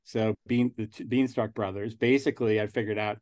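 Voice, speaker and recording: A man's voice: lowish voice, fairly even intonation, fairly quick, darkish tone. Rambling New York man in his sixties. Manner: rambling, with frequent restarts. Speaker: angel investor guest. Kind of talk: casual interview talk.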